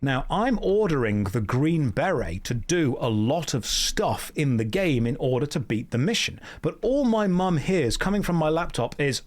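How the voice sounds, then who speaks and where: This man, in his thirties, keeps up a casual, joking conversation with his chat during a game stream, telling stories at his own expense. His voice is medium-pitched and animated, at a moderate pace with hardly any pauses.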